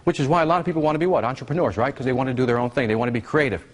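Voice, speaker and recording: A male workshop presenter teaching a live seminar, energetic and constantly quizzing his audience with questions. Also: medium pitch, rapid-fire.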